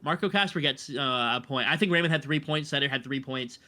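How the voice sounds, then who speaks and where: Young male podcast co-host, rapid and eager, crisp bright voice. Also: mid-range voice. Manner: rapid, enthusiastic, sarcastic at times. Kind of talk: casual podcast chat.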